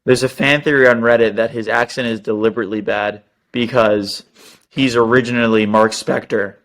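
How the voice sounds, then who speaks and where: A man's voice: mid-range voice, steady tone, normal speed, fairly bright tone. A man co-hosting a casual review chat, thoughtful with a dry wit. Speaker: co-host.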